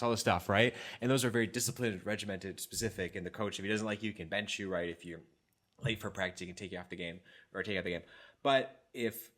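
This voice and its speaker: A man co-hosting a podcast in casual conversation, telling stories in a lively way and laughing often. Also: deep voice, fast. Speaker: podcast co-host.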